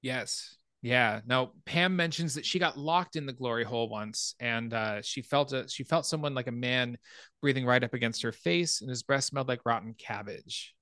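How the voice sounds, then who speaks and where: A man hosting a podcast, casually retelling a film's plot scene by scene in an animated way. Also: medium pitch, moderate pace, no echo. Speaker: podcast host. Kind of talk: casual film recap.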